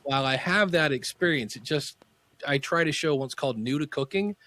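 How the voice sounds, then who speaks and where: Dry-sounding man telling animated stories. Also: a little fast, dry recording. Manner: animated anecdotes, acts out quotes with pitch jumps. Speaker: podcast guest, podcasting teacher. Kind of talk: casual storytelling interview.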